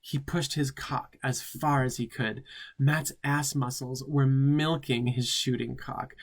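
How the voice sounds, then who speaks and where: A man's voice: mid-range voice, fairly even intonation, slow pace, creaky. Campy drag queen reading with sassy asides. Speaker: drag queen host reading fan fiction. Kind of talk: comedic reading with commentary.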